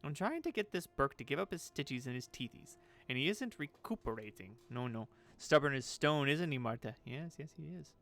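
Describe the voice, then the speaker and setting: A sour old corpse-picking woman who mutters in a sing-song lilt and answers her own questions, as a man puts her on. The voice sits a touch higher than his usual one, with a gravelly edge under it. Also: animated, a little fast, fairly bright tone. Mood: muttering. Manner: sing-song muttering, talks to herself in third person.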